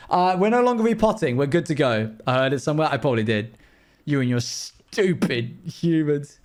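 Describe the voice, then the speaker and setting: Livestreaming a game, this young man chats with his audience in a slightly high, lively, somewhat mellow voice. He keeps up a playful stream of quick side comments and exclamations.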